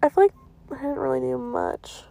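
A woman's voice: high voice, huge pitch swings, normal speed, gravelly, mellow. A young woman in her twenties telling a casual storytime vlog, slangy and swearing freely with lots of fillers. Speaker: vlogger.

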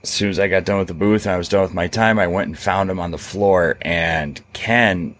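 A man's voice: deep voice, fairly quick. A man co-hosting a podcast in casual chat, steadily recounting with many "uh"s. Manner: steady, filler-heavy recounting. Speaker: podcast co-host.

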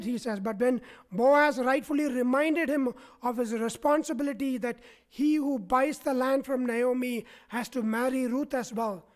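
A man preaching a sermon to his congregation, often checking in with them by asking "right?". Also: very high voice. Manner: asks the congregation frequent "right?" tags. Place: church.

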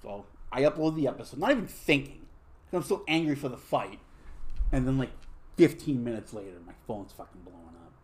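A man's voice: medium pitch, animated, brisk. A young man hosting a podcast, telling crude stories in casual chat, full of swearing and fillers. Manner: crude, profane storytelling with lots of fillers. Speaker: podcast host.

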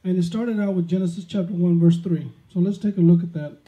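A man's voice: high voice, steady tone, fast talker, warm tone. A man preaching a sermon, emphatic and peppering his words with amens and praise. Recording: dull lo-fi sound.

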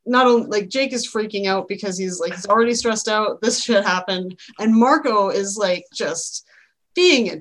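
A woman's voice: medium pitch, normal speed, fairly bright tone. A woman co-hosting a podcast, talking in casual chat, emphatic and swearing freely. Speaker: podcast co-host.

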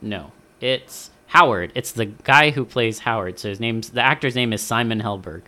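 Brief: male podcast co-host, bright forward tone, lively and profane, acts out quotes. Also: mid-range voice, normal speed. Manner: animated, swears often, acts out quoted lines. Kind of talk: casual podcast chat.

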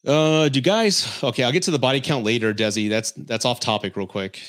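Guy hosting a podcast, blunt and real, swears a bit, mid pitch, just chatting and reading comments. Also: a little fast, a bit bright. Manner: blunt, candid advice with mild swearing. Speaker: podcast host. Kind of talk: casual livestream chat reading comments.

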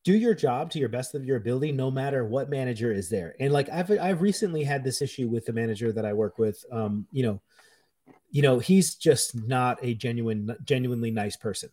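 Male chef in his 30s, blunt and profane, mellow dark tone. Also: medium pitch, brisk. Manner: blunt, profane, animated storytelling. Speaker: chef, podcast guest. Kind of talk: casual chat.

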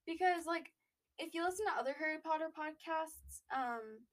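A woman's voice: sits high, moderate pace. A young woman co-hosting a podcast in casual chat, talking with lots of fillers and restarts. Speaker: podcast co-host.

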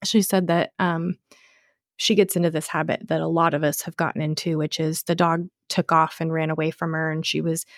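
A woman dog trainer chatting on a podcast, her voice a little low for a woman. She tells stories expressively in a dry, close studio sound. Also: normal speed, no echo. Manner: expressive, storytelling with voiced puppy calls. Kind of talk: casual podcast chat.

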